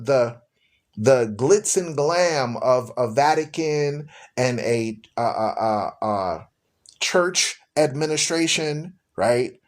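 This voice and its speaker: A man hosting a live-streamed religious talk show, speaking to his listeners in a preachy, repetitive way. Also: fairly high pitch. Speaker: radio show host.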